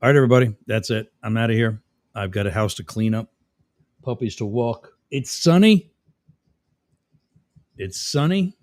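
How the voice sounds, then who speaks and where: Sarcastic low-voiced male stream host. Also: steady tone, brisk, no room sound, clean studio sound. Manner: sarcastic, mocking and insulting. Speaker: livestream host. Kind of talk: casual live chat reading comments.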